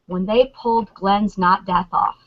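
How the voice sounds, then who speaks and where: A woman on a convention panel, chatting excitedly and acting out lines from scenes. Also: medium pitch, unhurried, highs cut off. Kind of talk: animated fan chat.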